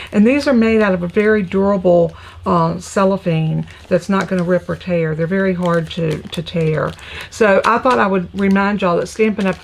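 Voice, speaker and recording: A woman talks her live viewers through a crafting tutorial, chatty and gushing over her papers. Her mid-range voice carries a gravelly, creaky edge, with a faint noise underneath. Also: medium pitch, a little mellow, poor audio. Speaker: crafting host.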